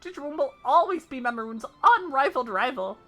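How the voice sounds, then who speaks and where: A woman's voice: high voice, animated, brisk, sharp tone, faint music behind, pitched above the performer's own voice, heavily acted. Woman doing a tiny merchant in broken English. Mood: earnest. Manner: broken English, speaks of self in third person.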